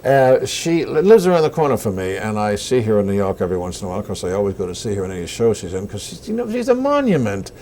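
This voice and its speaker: An older actor being interviewed, telling animated anecdotes and acting out the lines people said to him. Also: male voice, fairly low pitch, fast talker, hardly any pauses, slight background noise. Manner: animated anecdotes with acted-out quotes. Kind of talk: casual interview storytelling.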